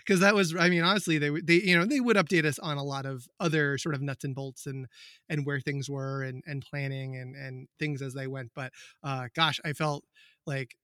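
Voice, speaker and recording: A man's voice: a little high, steady tone, normal speed, sharp tone, clear, resonant tone, no room sound, clean studio sound. A man who teaches biology, chatting in a rambling, easygoing way and laughing often. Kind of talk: casual conversation.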